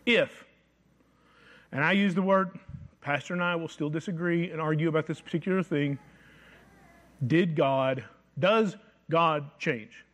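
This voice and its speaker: A man preaching a sermon, reading scripture aloud and slowing down to stress key phrases. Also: on the high side, a bit bright.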